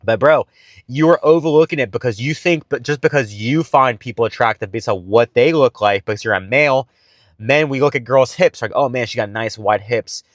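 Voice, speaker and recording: A young man talks straight to his viewers in a loose, profane pep talk about dating, leaning on "bro" and "guys" like he's coaching a friend. His voice sits at an ordinary middle pitch. The sound is dry and close, with no room around it. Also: brisk, dry recording. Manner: blunt, profane, buddy-style, calls listeners bro and guys. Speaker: dating advice vlogger.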